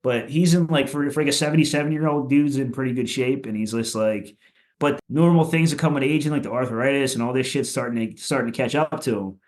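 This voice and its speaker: This man from Philadelphia, USA, a punk musician guesting on a podcast, talks fairly quickly in a medium-pitched, darkish voice. His storytelling wanders, laced with profanity and plenty of "like," in an easygoing conversational way.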